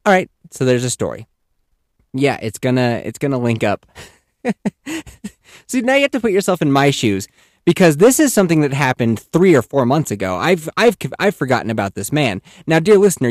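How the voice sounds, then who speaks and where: A man in his thirties telling a casual, animated story as a podcast host, swearing freely and acting out voices. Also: medium pitch, normal speed, no echo, studio quality.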